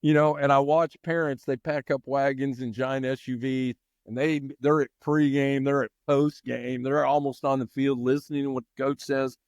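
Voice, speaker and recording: Animated middle-aged coach telling stories. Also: male voice, mid-range voice, moderate pace, hardly any pauses, no echo, studio quality. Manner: animated, energetic storyteller. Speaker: baseball coach and teacher, podcast guest. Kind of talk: storytelling in a podcast interview.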